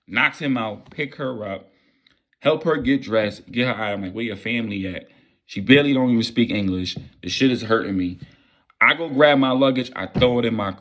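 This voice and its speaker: Guy with a lowish voice telling a crazy storytime, cursing a lot, all hyped up. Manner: profane, excitable storytelling. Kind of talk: casual storytime monologue.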